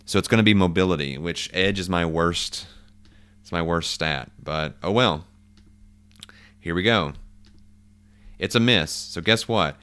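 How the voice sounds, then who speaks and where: A man with a very low voice talks through his solo tabletop game. He muses aloud, stopping to rethink and correct himself as he checks rules and rolls. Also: unhurried, long pauses, fairly bright tone, clean tone. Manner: thinking aloud, musing and self-correcting.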